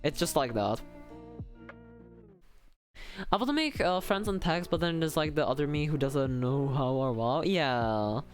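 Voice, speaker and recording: A man's voice: on the high side, expressive, moderate pace, soft background music. A young man chatting casually on a livestream, rambling and self-deprecating with lots of fillers. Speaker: streamer.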